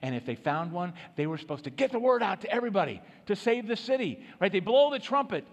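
Emphatic preacher in a reverberant hall. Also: male voice, high-pitched, big pitch swings, fast talker. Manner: emphatic preaching, rising and dropping in force. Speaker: pastor. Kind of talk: sermon.

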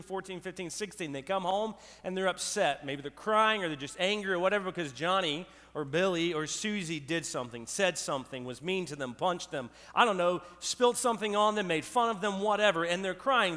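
A middle-aged man preaching a sermon, animated and storytelling, asking the crowd questions. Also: high-pitched. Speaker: pastor. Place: church hall with live audience. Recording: long hall reverb.

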